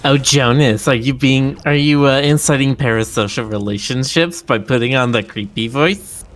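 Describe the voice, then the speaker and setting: A man's voice: mid-range voice, moderate pace, a bit bright. A man co-hosting a game stream, explaining his opinions at length in casual chat. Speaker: stream co-host.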